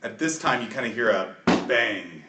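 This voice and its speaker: A man's voice: mid-range voice, expressive, moderate pace, roomy sound, very noisy. A man narrating as game master of a tabletop game, telling the scene loosely with fillers and frequent laughs.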